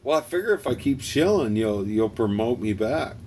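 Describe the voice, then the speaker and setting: A man's voice: medium pitch, lively intonation, normal speed, a little mellow, a little hiss or hum. An older man hosting a stream, chatting casually and rambling, laughing often and greeting viewers by name. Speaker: livestream host.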